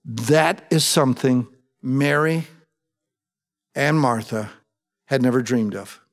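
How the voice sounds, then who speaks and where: A man's voice: medium pitch, takes it slowly. Man preaching in a reverberant hall. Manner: animated, rising to loud emphatic calls. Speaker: pastor. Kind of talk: sermon. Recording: long reverb of a large hall.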